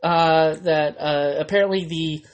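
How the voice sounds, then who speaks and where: A man's voice: a little high, steady tone, moderate pace. A man hosting a podcast, chatting casually and telling a story in a rambling way with lots of fillers. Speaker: podcast host. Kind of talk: casual chat.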